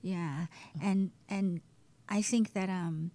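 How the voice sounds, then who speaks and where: A woman guest telling her personal story in a candid, animated way, dropping to a hush at times. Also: fairly low pitch, slow pace, dry recording. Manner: candid, animated, shifts between loud and hushed. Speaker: guest, breast cancer survivor. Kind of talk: emotional personal testimony.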